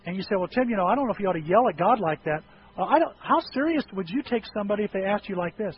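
A pastor preaching a sermon, moving from quiet, conversational talk to impassioned shouting and acting out prayers. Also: male voice, high voice, animated, very fast. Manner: acts out prayers and dialogue. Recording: dull lo-fi with faint noise.

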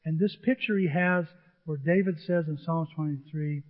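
A man's voice: on the high side, normal speed. Middle-aged male pastor, emphatic and repetitive sermon delivery, thin lo-fi phone-line sound. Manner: earnest, repetitive, emphatic preaching.

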